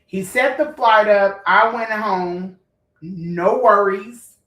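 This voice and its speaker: A woman's voice: medium pitch, slow, fairly bright tone, distant mic, muffled recording. Fired-up woman ranting in an echoey room. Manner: blunt, profane, emotional, talks straight to viewers. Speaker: vlogger. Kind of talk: heated storytime rant.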